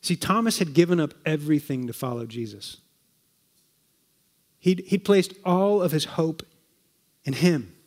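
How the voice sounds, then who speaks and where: Male preacher with a slightly high voice, chatty sermon delivery full of rhetorical questions. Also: lively intonation, unhurried, long pauses, a little mellow. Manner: conversational, with rhetorical questions and repetitions.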